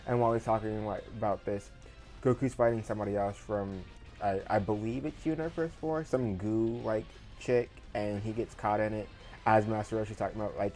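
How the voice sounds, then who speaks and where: Male reviewer, lowish voice, loose filler-heavy episode recap, faint guitar bed underneath. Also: fairly even intonation, normal speed, a little mellow, low-quality recording. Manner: rambling, filler-heavy retelling with paraphrased quotes.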